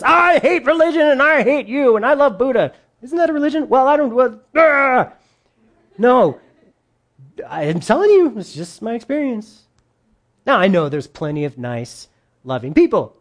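A preacher delivers a sermon to a congregation. The talk is lively and informal, with jokes and quotes acted out in other voices. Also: medium pitch. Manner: lively, jokey asides, acts out quotes in put-on voices.

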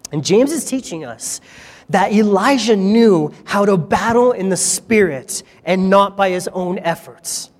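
A man with a high voice preaches to his congregation, retelling a story in an easy, conversational way with self-deprecating asides. His voice rings out into a reverberant hall. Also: lively intonation, moderate pace. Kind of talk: sermon.

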